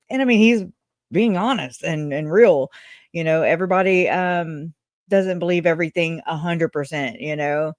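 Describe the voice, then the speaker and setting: Sarcastic commentator, mid-pitched, swears a lot, dry close sound. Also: unhurried, no echo. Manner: mocking, blunt, swears freely.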